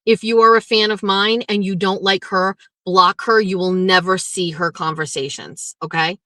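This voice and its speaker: Middle-aged woman host, blunt and profane, bright forceful voice, dry close sound. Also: mid-range voice, fairly even intonation, normal speed, no echo. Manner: blunt and profane, ranting then chatty. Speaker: livestream host. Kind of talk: casual livestream chat reading viewer comments.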